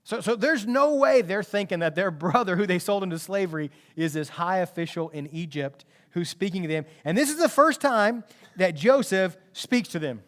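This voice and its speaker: A man preaching a sermon as pastor, retelling a story with animated emphasis and conversational asides. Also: sits high, moderate pace.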